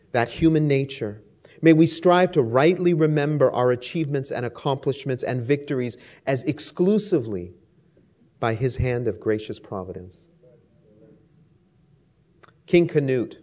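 A man's voice: mid-range voice, animated, a little slow, long pauses, darkish tone. A man preaching a sermon, speaking emphatically with rhetorical lists and stories. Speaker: pastor.

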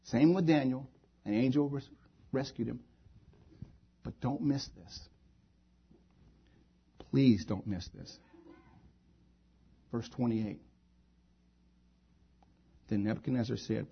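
A man's voice: medium pitch, slow, vocal fry, long pauses, husky. A male pastor delivering a sermon, preaching emphatically with repeated phrases, on a dull lo-fi recording.

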